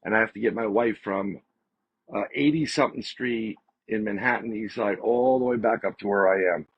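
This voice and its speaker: A man, a podcast guest, telling a story in a casual, animated way and repeating phrases for emphasis. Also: lowish voice, moderate pace, slight background noise. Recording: slightly dull lo-fi audio.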